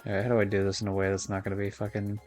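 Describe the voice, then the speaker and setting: A man's voice: fairly low pitch, monotone, racing, darkish tone, faint music behind. A young man streaming a kart racing game, chatting casually in a rambling way, full of fillers and swearing. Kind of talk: casual gameplay commentary.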